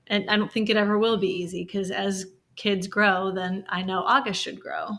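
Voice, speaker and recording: Bright-voiced woman podcast co-host, candid. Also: medium pitch, flat delivery, normal speed. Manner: emotional, open, heavy use of "like"; frank, occasionally swears. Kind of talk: candid conversational podcast talk.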